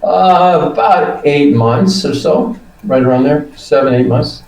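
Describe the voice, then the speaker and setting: A man in his seventies talks in a loose, rambling way, acting out his own reactions and dropping the odd swear word. His voice is dark and mellow, and it sits back from the mic in a room with a strong echo. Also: a little high, measured pace, creaky, distant mic. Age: 70s. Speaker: guest. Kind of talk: casual testimonial chat.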